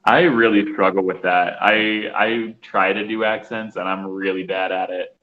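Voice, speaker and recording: A man chatting casually on a video call, relaxed and self-deprecating. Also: deep voice, moderate pace. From United States. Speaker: conversation partner. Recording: muffled video call audio, faint hiss.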